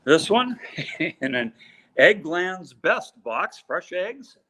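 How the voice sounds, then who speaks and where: A middle-aged man with a voice a bit above the usual male pitch talks in a casual live-stream manner. He reads names and thanks people, cracking small jokes and filling gaps with "uh" and "you know.". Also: big pitch swings, slow, bright, forceful tone. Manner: chatty, joking, many fillers. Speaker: co-host reading out purse makers' names.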